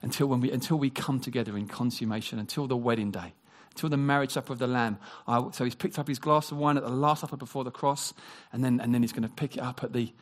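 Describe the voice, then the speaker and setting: A man preaching a sermon, animated, acting out quoted voices and dropping into hushed, near-whispered passages. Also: mid-range voice, fast talker, few pauses. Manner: animated, acts out quoted voices, drops to a hush.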